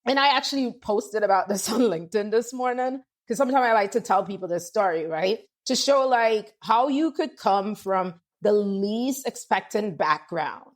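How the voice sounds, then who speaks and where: A woman in her forties from Antigua, with a lightly Antiguan accent softened toward American speech, telling stories in a casual podcast conversation. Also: medium pitch, moderate pace, hardly any pauses. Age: 40s. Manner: animated storyteller, quotes people in lively voices. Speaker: guest, lawyer and author.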